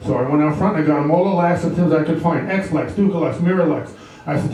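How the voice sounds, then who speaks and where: A man doing a stand-up comedy set in a comedy club, delivering deadpan one-liners with pun punchlines. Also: on the high side, fast, recorded from a distance. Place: live comedy club with audience. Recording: echoey club room, mic heard from afar.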